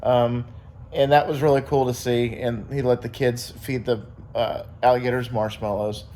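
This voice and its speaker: A man's voice: medium pitch, flat delivery, moderate pace, darkish tone, slight background noise. A young man casually vlogging to his viewers, rambling through a story with many fillers. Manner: rambling, upbeat, lots of fillers and quoted voices.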